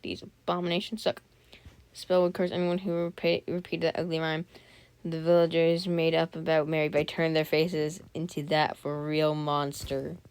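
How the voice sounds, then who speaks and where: A woman's voice: low-pitched, level tone, normal speed, darkish tone, clean tone, dry recording. Chatty woman reading a spooky story. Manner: breaks off reading to joke, comment and apologize. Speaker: channel host reading a scary story aloud. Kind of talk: casual read-aloud with chatty asides.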